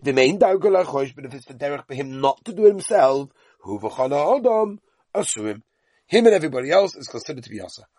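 A man's voice: a little high, very animated, quick pace, mellow, no echo, studio quality. A middle-aged man giving a Talmud lesson, talking animatedly and mixing Hebrew and Yiddish terms into English. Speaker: Talmud teacher.

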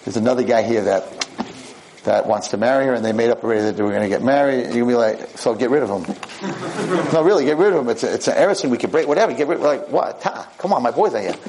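Speaking fast in a mid-range voice, a man gives a religious lecture and animatedly tells a story, voicing what each character says. There's noise in the background.

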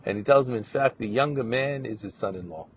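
A man telling a moral story as a Torah lesson, narrating with animated questions and voiced quotes. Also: mid-range voice, brisk, a little hiss or hum. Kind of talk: storytelling sermon.

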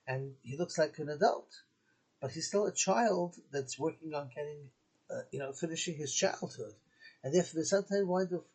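Brief: male rabbi, fairly high, gravelly husky voice, preaching in story form. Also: darkish tone, poor audio. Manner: acts out dialogue between father and son in the story. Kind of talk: sermon with storytelling.

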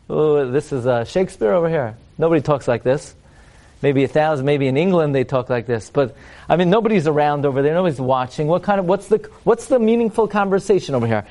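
A man's voice: on the high side, expressive, brisk, darkish tone. Guy teaching torah to a crowd, sings out the hebrew verses, lots of wry what's-the-question jokes. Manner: rhetorical questions, wry humorous asides; chants Hebrew verses, then translates. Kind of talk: lecture to a live audience.

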